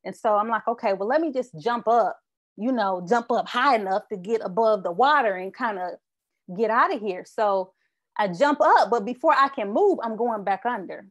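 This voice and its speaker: A woman with a fairly high voice preaches through a childhood story. She builds her points by repeating short refrains, and she speaks to her listeners directly. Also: lively intonation, moderate pace. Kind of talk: sermon with personal story.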